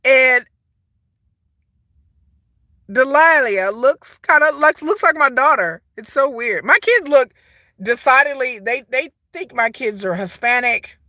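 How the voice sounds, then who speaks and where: A woman's voice: high voice, lively intonation, slow pace, bright, forceful tone, no echo, studio quality. A woman in her forties chatting casually to camera as a vlogger, rambling, laughing often and mimicking people. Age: 40s.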